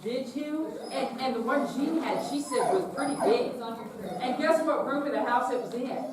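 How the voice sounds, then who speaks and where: A woman's voice: high voice, moderate pace, a crowd in the background. Woman leading a children's sermon. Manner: gentle, asks children questions. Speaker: children's message leader. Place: church. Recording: echoey room, far from mic, noisy.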